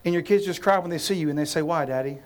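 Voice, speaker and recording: A man preaching a sermon as pastor, telling a story in an animated way, acting out scenes and speaking straight to his listeners. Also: high-pitched, very fast.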